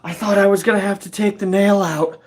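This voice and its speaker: A man's voice: high-pitched, fairly even intonation, a little fast, voice pushed up, lightly acted. A man putting on the voice of a flustered woman nurse, gasping with relief. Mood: relieved.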